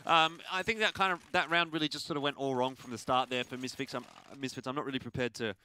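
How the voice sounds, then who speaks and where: A man giving relaxed, rambling color commentary on a competitive shooter match. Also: medium pitch, fast talker, a little hiss or hum. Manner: relaxed, rambling analysis with fillers. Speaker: esports analyst.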